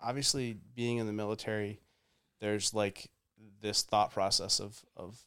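A man's voice: on the low side, steady tone, measured pace, fairly bright tone, clear, resonant tone. A young man hosting a podcast, telling a casual story with lots of fillers, rambling and laughing through punchlines. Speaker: podcast host.

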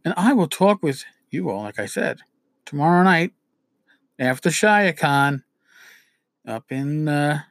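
A man's voice: a little high, expressive, measured pace, long pauses, dry recording. Rambling New York man, dry sound. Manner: rambling, self-correcting. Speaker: podcast host. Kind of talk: casual solo chat.

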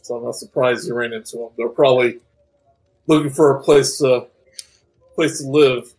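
A man runs a tabletop game, narrating in a casual, halting way full of small pauses. His voice sits in an ordinary middle range. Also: mid-range voice, fairly even intonation, darkish tone, slightly rough, rough recording. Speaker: game master.

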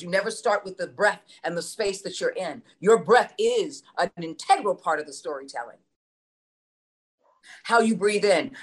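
Woman, from New York, middle-aged, lowish voice, emphatic, rhetorical questions, swears. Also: a bit bright. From New York City. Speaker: voice acting coach. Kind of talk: motivational talk.

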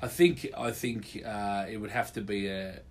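A man's voice: fairly low pitch, steady tone, unhurried, creaky. A man, joking laid-back in a casual podcast chat. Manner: laid-back, jokey, trails off and restarts. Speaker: podcast co-host.

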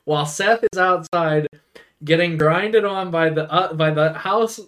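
A man's voice: fairly high pitch, measured pace, fairly bright tone. A young man co-hosting a casual podcast, retelling a film scene by scene in a rambling way with lots of fillers and quoted lines. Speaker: podcast co-host. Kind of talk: casual movie recap chat.

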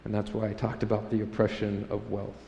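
Delivering a sermon in an echoey hall with faint ambience, a pastor jokes with the congregation and acts out prayers in a raised voice. He speaks a little fast in a fairly low, warm voice with vocal fry and a completely flat delivery.

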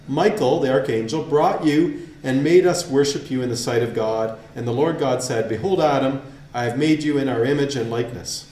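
A man's voice: mid-range voice, normal speed, a little mellow. A man reading passages aloud and commenting on them in a conversational lecture, often asking rhetorical questions. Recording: roomy echo, faint ambience.

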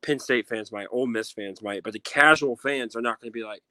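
A man's voice: mid-range voice, a little fast, hardly any pauses, sharp tone, dry recording. A man in casual sports podcast chat, emphatic and repeating phrases for effect. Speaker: podcast guest.

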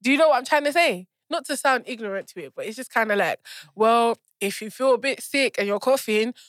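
A woman's voice: on the high side, a bit bright, no room sound. Goofy young woman. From Sierra Leonean heritage. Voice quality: slightly nasal, blocked-nose sound. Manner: goofy, laughing, quick banter. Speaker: podcast co-host. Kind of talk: casual chat.

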